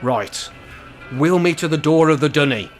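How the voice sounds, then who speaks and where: A grumpy man with a sarcastic, bossy edge, playing a cantankerous old pensioner in a comedy sketch. His pitch swings widely as he grumbles and gives orders. Light music sits underneath. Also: lively intonation, moderate pace.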